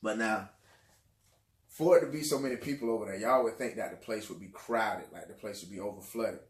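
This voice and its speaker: A man's voice: lowish voice, a little fast. A man casually recounting childhood memories, rambling and repeating phrases, with informal dialect grammar. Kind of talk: casual spoken memoir. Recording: roomy echo.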